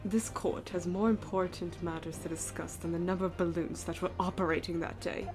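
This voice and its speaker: A woman's voice: on the low side, steady tone, a little fast, music in the background, natural voice. A woman reading as a stern formal judge.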